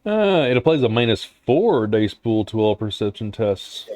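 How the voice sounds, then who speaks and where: A man running an online tabletop game as game master, relaxed and full of hesitations. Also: on the low side, normal speed, no room sound, clean studio sound. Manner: relaxed, hesitant, lots of filler.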